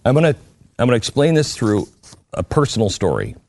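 A man's voice: mid-range voice, a little fast, no echo. Emphatic male talk radio host. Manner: impassioned, emphatic, lively. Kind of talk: opinion talk radio monologue.

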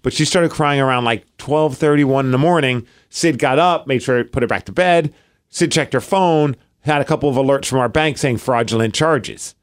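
A man in his thirties co-hosting a podcast, telling a story with plenty of energy. His voice sits at a middle pitch, and he slips into quoted lines as he goes. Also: normal speed. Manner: animated storytelling, acts out quotes. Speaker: podcast co-host. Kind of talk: casual chat.

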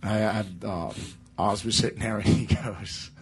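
Interviewed as a guitarist, a man tells rambling anecdotes and laughs his way through them in a casual storytelling chat. His lowish voice is slightly rough, with fairly even intonation and an unhurried pace.

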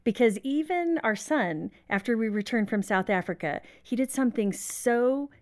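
A woman's voice: on the high side, animated, normal speed, a little mellow. A woman speaking as a guest on marriage, giving conversational advice in a reflective, candid way.

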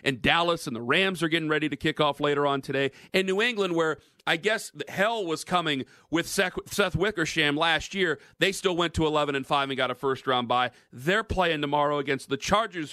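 Male sports talk host, animated teasing banter, bright tone. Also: a little high, brisk, few pauses, dry recording, clean studio sound.

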